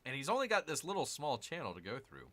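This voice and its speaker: Lively, bright-voiced man narrating a strategy game. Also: mid-range voice, quick pace. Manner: rambling, self-correcting, jokey asides to viewers. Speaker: gaming channel host. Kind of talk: casual strategy game commentary.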